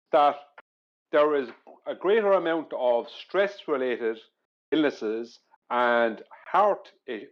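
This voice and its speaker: Man with a dull lo-fi mic. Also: mid-range voice. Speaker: podcast panelist. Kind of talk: casual live-stream discussion.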